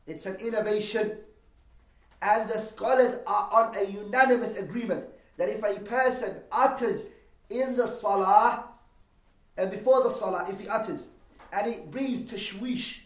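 A man teaching a lesson on Islamic law, explaining terms and posing rhetorical questions, quickly reading Arabic texts and then translating them. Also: sits high. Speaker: religious teacher. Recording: echoey room, voice from a distance.

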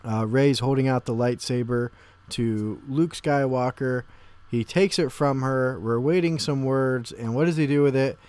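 A man's voice: mid-range voice, measured pace, darkish tone, clean tone, no room sound. Man recapping scenes as podcast host. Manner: recaps scenes and prompts others. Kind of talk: casual movie discussion.

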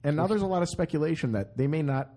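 A man's voice: on the high side, fast. A man hosting a podcast in casual banter, telling stories with jokes. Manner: joking, animated storyteller. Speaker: podcast host.

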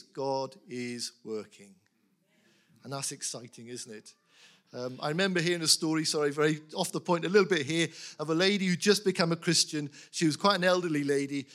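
A man preaching earnestly to a church congregation, animated, with laughs and quick asides. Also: fairly high pitch. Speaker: pastor appealing for prayer. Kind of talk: sermon.

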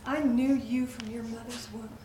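Tender whispering Jesus as a woman preaches him, high voice, echoey hall, heard from afar. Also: fairly even intonation, moderate pace, dark tone, distant mic, a little hiss or hum, natural voice. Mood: tender hushed.

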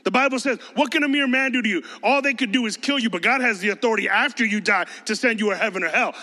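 A man delivers an emphatic, conversational sermon in a high voice with a bright, forceful edge. His words ring out with a long reverb, as in a large hall. He slips into mocking voices to make his points. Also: fast talker. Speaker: pastor.

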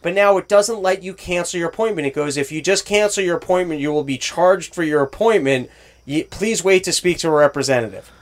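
Man, high voice, exasperated profane storyteller in casual talk, plays both parties of a call. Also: a little fast. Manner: profane, exasperated ranting, acts out both sides of calls. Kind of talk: casual chat.

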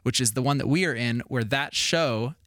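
A man's voice: mid-range voice, moderate pace, fairly bright tone, dry recording, clean studio sound. Rambling, nerdy man co-hosting. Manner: playful, rambling, nerdy musings. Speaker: podcast co-host. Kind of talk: casual chat.

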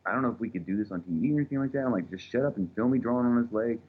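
A man's voice: medium pitch, racing, breathy edge. A man, a tattoo artist telling a rambling, profane story in casual chat, recorded with thin phone-like sound.

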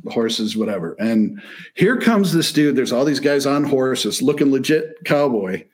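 A man from Michigan telling a story in a casual chat, animated and profane, acting out the people he quotes. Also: mid-range voice, unhurried. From Michigan, near Detroit.

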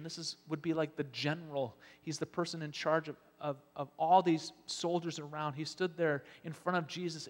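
Animated male pastor in a reverberant hall. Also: on the high side. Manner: animated storytelling, acting out Bible scenes. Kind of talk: sermon.

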